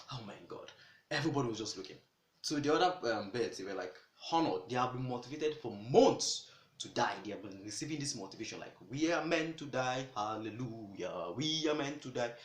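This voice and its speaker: A man casually telling a folktale, animated and exclamatory, with chatty asides. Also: lowish voice, reverberant. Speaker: storyteller. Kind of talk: casual storytelling.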